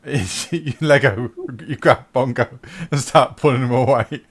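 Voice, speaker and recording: A man narrating as game master of a tabletop role-playing game over an online call, brisk and quick to laugh. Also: mid-range voice. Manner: brisk, laughs along with players.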